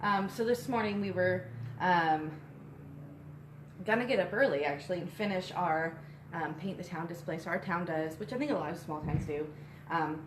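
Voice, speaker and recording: Breathless, chatty young woman. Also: fairly low pitch. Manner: chatty, rambling with many fillers. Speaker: co-host and shop co-owner. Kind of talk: casual live-stream chat. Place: inside a small shop. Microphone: phone on a tripod. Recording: echoey room with faint noise.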